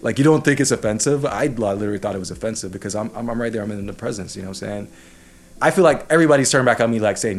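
A man's voice: fairly low pitch, expressive, very fast. A man casually telling a personal story, heated and swearing often, with many restarts.

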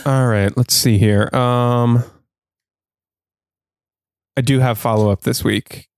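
Casting Male podcast host with a mid-pitched voice, recorded close and dry, loose and chatty, quick to laugh. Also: steady tone, darkish tone, clean tone, dry recording. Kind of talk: casual chat.

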